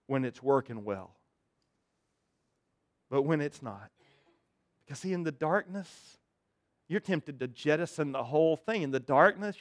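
A man's voice: fairly high pitch, no room sound, studio quality. A male pastor giving a conversational sermon, often acting out quotes and repeating words.

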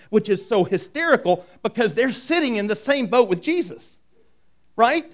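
A man's voice: sits high, animated, normal speed. A middle-aged man preaching a sermon in a conversational way, often asking "right?" and acting out quoted voices. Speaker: pastor.

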